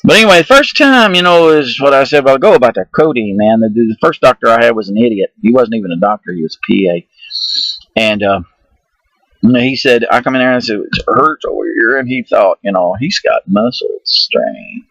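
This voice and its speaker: A middle-aged man from the United States telling a rambling, profane story about himself, excitable and laughing at his own misadventures. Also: medium pitch, a little fast, creaky, dry recording, poor audio.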